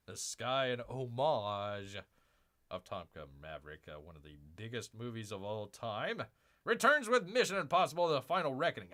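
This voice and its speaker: A man's voice: mid-range voice, pushed and bright. A middle-aged man hosting a livestream, reading out news and mocking it in a rambling, sarcastic way. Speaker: livestream host. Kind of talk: casual commentary on news.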